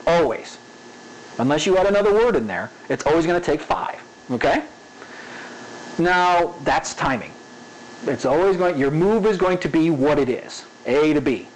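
A man's voice: a little high, poor audio. A man teaching animation in a casual spoken tutorial, checking in often with "okay?" and repeating an example sentence with varied emphasis. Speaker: animation instructor.

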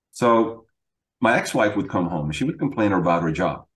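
Low-voiced man telling stories in an echoey room. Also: brisk. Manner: animated storyteller, acts out quoted dialogue, frequent "right?". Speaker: podcast guest, executive coach. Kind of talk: conversational interview.

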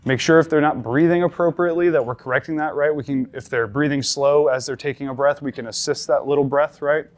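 A man's voice: fairly high pitch, fairly even intonation, fast. A male paramedic instructor giving a classroom lecture, talking conversationally and repeating the key points with emphasis.

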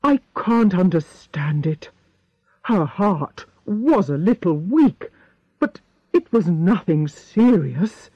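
Flustered male doctor read by a woman, hesitant and bewildered, slow, with a swinging pitch. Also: sing-song, slightly rough, dry recording, dull audio, full character voice.

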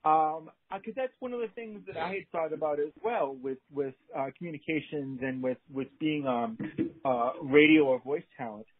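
A man with a New England accent, a theater director chatting casually as a guest, often restarting his sentences. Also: a little high. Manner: halting, many restarts and fillers. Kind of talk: casual conversation. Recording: phone-like line.

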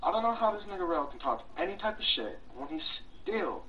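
A man's voice: high voice, very animated, brisk, lo-fi sound, slight background noise. A man in game voice chat, interrupting and taunting another player. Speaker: gamer in voice chat. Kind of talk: trash-talking game voice chat.

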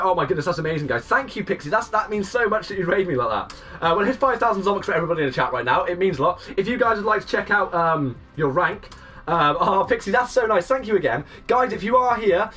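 A young man in his twenties live-streaming a game, greeting and thanking viewers and breaking into excited shouts. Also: high-pitched, quick pace, distant mic. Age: 20s. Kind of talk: live-stream chat reading out viewers' messages.

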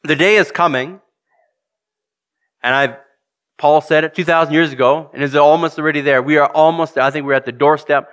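A man's voice: a little high, steady tone, brisk, pauses often, a bit bright. A man preaching a sermon, earnest and direct, putting questions to his congregation and reading scripture aloud.

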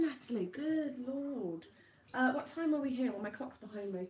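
A young woman from Wales chatting quickly on a live stream from her home kitchen, greeting viewers by name while she cooks, recorded on a tablet. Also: sits high, lively intonation, darkish tone, reverberant, slight background noise. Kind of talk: casual live-stream chat. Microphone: tablet camera.

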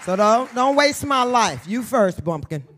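A woman in her sixties, an author guest on stage at a live book event, talking to the audience in a brash, profane, stand-up style, swinging from shouts to hushed near-whispers. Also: fairly high pitch, very animated, a little slow, a faint crowd, a little hiss or hum. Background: faint audience murmur and laughter.

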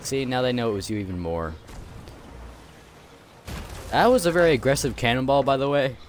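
Young male gamer, very lively pitch, teasing banter, faint noise. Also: moderate pace. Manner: teasing, animated, bursts of laughter. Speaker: gaming YouTuber. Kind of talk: casual co-op gameplay banter.

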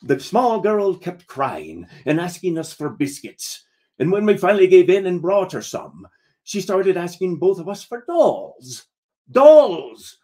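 A man's voice: sits high, sing-song, a little slow, dark tone. A man reading a comic story aloud as a first-person pirate, using "be" in place of the usual verbs.

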